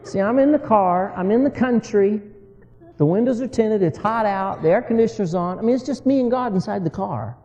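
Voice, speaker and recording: A man's voice: high voice, brisk, big-room sound, lo-fi sound. A man preaching a sermon as a folksy story, often chuckling as he talks. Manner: folksy, animated, laughs while telling his story.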